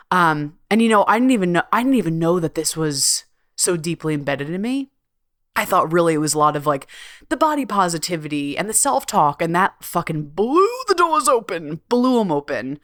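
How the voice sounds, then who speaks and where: A middle-aged woman speaks in a somewhat low voice, recorded close and dry. She hosts her own podcast and talks frankly, swears freely and hums between thoughts. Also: no room sound. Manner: candid and swearing freely, with laughs and drawn-out hums. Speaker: podcast host and coach. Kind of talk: casual solo podcast monologue.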